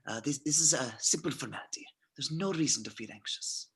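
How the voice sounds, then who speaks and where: A man's voice: mid-range voice, animated, a little fast, fairly bright tone, breathy edge, full character voice. A man reading a suave, menacing SS colonel. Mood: probing. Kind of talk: amateur script reading.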